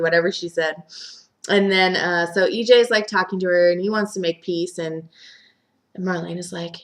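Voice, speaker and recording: A woman's voice: lowish voice, fairly even intonation, normal speed. A young woman casually recapping a soap opera as host, chatty and full of fillers, sometimes acting out quotes.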